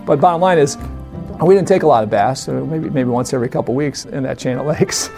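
A man telling a funny story from his youth in a casual, animated way, laughing often and acting out the voices of others. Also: medium pitch, brisk, creaky, over music. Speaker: storyteller guest. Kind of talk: casual anecdote.

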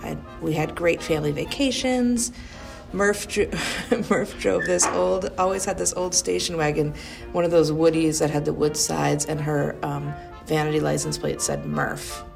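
A woman's voice: deep voice, steady tone, unhurried, creaky, over music. A middle-aged woman from Wisconsin, the youngest of five, fondly telling rambling family memories in an interview. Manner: fond, rambling storytelling with frequent fillers and restarts.

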